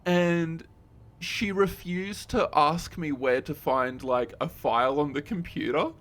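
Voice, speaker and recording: A man's voice: a little high, takes it slowly, a bit bright. Laid-back young male streamer. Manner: laid-back, swears, laughs at his own story. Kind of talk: casual live-stream storytelling.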